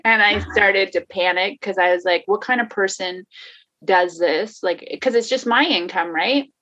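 A woman's voice: medium pitch, slow, long pauses, pushed and bright. A woman talking candidly in a casual conversation, laughing often, swearing and restarting her sentences. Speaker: guest, life coach. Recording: dull lo-fi sound.

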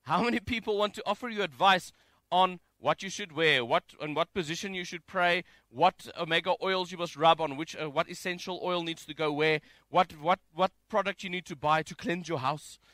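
A man with a high, bright voice preaches a relaxed, jokey sermon, reading scripture aloud between asides. The sound is dry and close, with no room around it. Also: normal speed, few pauses, no echo. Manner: conversational, jokey and animated. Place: home, during isolation.

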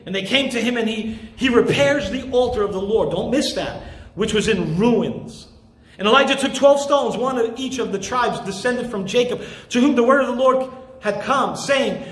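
An impassioned male pastor delivers a sermon in a very high voice. He stresses his points hard and at times rises to shouts. His voice rings in an echoey room. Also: lively intonation, normal speed. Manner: impassioned, emphatic, rising to shouts.

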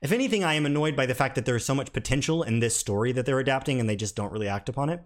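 A man's voice: medium pitch, very fast. A man giving a casual spoken film review, frank and rambling, with lots of restarts and a candidly critical, mildly exasperated tone.

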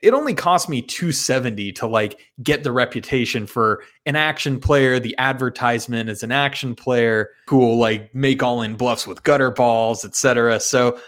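A man walks through his poker hands one by one in a relaxed, conversational recap. His voice sits at an ordinary middle pitch. He swears freely and pokes fun at himself as he goes. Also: normal speed, few pauses. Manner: chatty, profane and self-mocking. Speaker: poker player. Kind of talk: casual poker hand recap.

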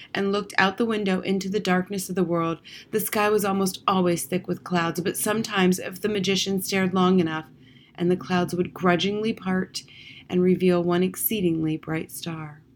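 Woman narrator, storybook reading, soft measured delivery, mid pitch. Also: fairly even intonation. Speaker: audiobook reader.

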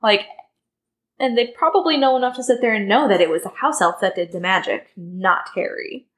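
A woman's voice: mid-range voice, expressive, a little fast, fairly bright tone, rough recording. A young woman co-hosting a podcast, chatting casually about a book with lots of filler words. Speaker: podcast co-host.

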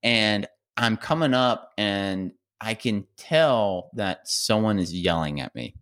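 Rambling man telling a story. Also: slow. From rural America. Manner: rambling, animated, acts out quotes in a high yell. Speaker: podcast co-host. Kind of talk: casual storytelling chat.

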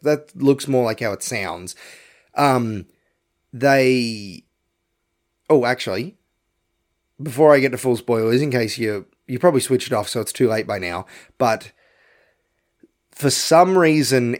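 This podcast host, somewhere between young adult and middle age, rants casually and profanely about a film, rambling and blunt. He has a mid-range voice and talks a little slowly.

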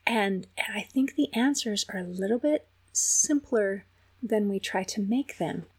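Gentle, breathy woman host. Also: medium pitch, unhurried. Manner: gentle, reassuring. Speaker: podcast host. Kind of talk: supportive conversational interviewing.

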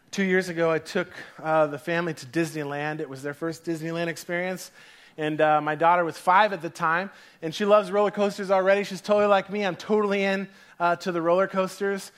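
A man in his thirties preaching a sermon as a pastor, an animated storyteller who acts out voices and laughs through his anecdotes to a congregation. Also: a little high, normal speed. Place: church hall before a congregation.

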